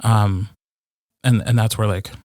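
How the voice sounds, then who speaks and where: A man's voice: on the low side, unhurried, dry recording, clean studio sound. Chatty man with lots of "like"s. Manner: animated, many fillers and restarts. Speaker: audiobook narrator, co-host. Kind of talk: casual podcast chat.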